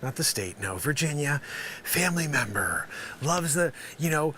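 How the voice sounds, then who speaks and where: A man's voice: on the high side, expressive, normal speed, pushed and bright. A man hosting a live stream, riffing through an improvised comedy bit as a street reporter with rambling, teasing asides. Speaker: live-stream variety host.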